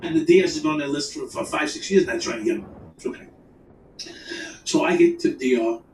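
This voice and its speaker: Animated, profane man telling a wild story. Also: on the high side, a little fast, reverberant, recorded from a distance, slight background noise, low-quality recording. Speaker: storyteller guest. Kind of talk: casual crime story chat.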